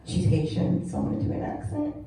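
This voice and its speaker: A young woman works through a stand-up set, chatty and self-mocking, with quick laughs between jokes. Her voice is mellow and dark in tone. It rings through an echoey club room, picked up from some distance. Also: deep voice, sing-song, vocal fry, a little hiss or hum. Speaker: stand-up comedian. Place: comedy club stage. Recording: echoey room, mic heard from far off.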